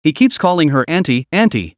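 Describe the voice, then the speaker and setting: A composed, remorseful businesswoman chairman, put on by a male narrator in a storybook recap. She speaks calmly and earnestly, fairly high and very lively in pitch. The sound is dry and close. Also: fairly quick, no room sound. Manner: calm, earnest public speaking.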